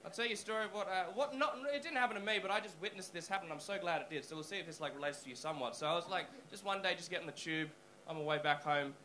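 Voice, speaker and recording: A male stand-up comedian telling a story on a comedy club stage, animated and swearing freely, into a handheld mic. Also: high voice, rapid-fire, slight background noise, low-quality recording.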